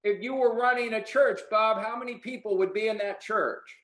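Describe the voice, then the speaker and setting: High-voiced preachy sales coach, echoey room. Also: male voice, normal speed, fairly bright tone. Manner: preachy, blunt, swears casually. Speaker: sales trainer.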